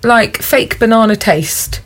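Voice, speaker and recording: A woman's voice: on the high side, slow. A woman guest on a podcast, answering quiz questions in casual chat, wry and a little hesitant.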